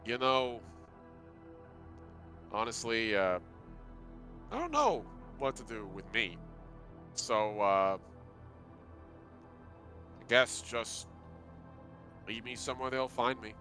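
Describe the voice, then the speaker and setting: A man voicing a weary young male bartender who talks in a low, resigned, offhand way in a tabletop game. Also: big pitch swings, slow pace, long pauses, bright, forceful tone, soft background music, full character voice.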